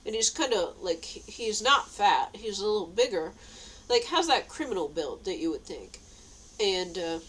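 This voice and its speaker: A woman's voice: mid-range voice, rough recording. Rambling woman with nervous laughs. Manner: rambling, with frequent fillers and nervous laughs, rising to indignant outbursts. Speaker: vlogger. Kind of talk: casual rambling monologue.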